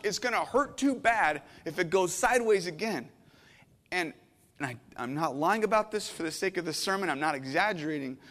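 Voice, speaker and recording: A middle-aged man preaching a sermon as a pastor, earnest and emotional, swinging from hushed to intense. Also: sits high, big-room sound. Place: church sanctuary.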